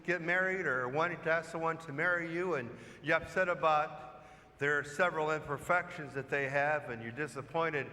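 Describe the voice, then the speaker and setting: A man's voice: fairly high pitch, moderate pace, pushed and bright. A man, a parish priest, giving a sermon in a conversational storytelling way, asking the congregation questions. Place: church. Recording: long church reverb.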